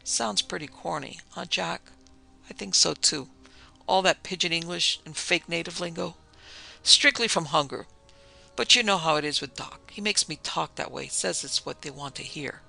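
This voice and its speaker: A talking gorilla from a storybook, educated and wisecracking, gruff in street slang, put on by a male narrator. The voice is bright and gravelly and sits a little high. Soft music plays underneath. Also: normal speed, exaggerated voice.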